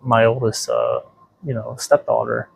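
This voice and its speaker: A man's voice: medium pitch, big pitch swings, a little slow, creaky, breathy edge. A man who owns a tattoo shop, a podcast guest telling rambling, profane stories full of "you know.". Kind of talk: casual interview storytelling.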